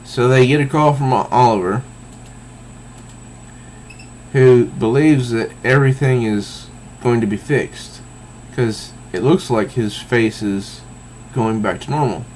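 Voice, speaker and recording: A man's voice: medium pitch, a little slow, a little mellow, a little hiss or hum. A man casually reviewing a comic book, reading panels aloud with easygoing, enthusiastic asides.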